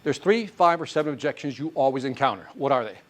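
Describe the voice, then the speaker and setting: A man teaching a live sales class, quizzing the room with quick questions as he goes. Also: mid-range voice, animated. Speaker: sales trainer. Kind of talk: live sales seminar talk. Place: training classroom with a live audience.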